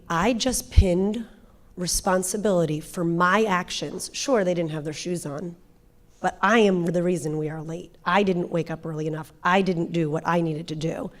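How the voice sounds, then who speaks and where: Woman frankly telling a personal story. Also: on the low side. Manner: frank, animated confessional storytelling. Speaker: guest speaker, pastor's wife. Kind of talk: personal testimony in church.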